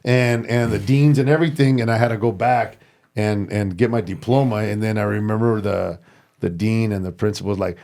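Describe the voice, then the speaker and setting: A man, a former deputy sheriff, telling animated stories in casual chat, slipping into Spanish for quoted family. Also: fairly low pitch, brisk, vocal fry. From family from Sinaloa and Durango. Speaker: podcast guest. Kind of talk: casual storytelling.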